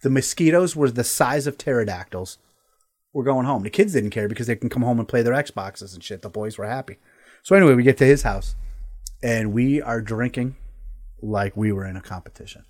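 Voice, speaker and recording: A man spins a rambling, profane yarn as host of a casual talk show. He's animated and laughs often as he talks. His voice sits at an ordinary middle pitch. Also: fairly quick. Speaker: podcast host. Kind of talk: casual storytelling chat.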